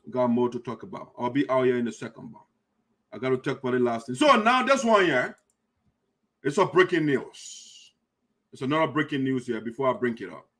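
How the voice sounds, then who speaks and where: A man from Liberia, hosting a diaspora community show and delivering impassioned, accusatory political commentary, repeating himself for emphasis and sometimes shouting. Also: medium pitch, very animated, brisk.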